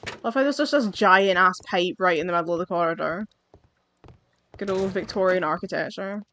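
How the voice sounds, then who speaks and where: Woman gamer commenting while she plays: chatty, wry, musing to herself, relaxed and casual. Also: on the low side, fairly quick, a little hiss or hum. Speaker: gamer playing through a game. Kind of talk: casual let's-play commentary.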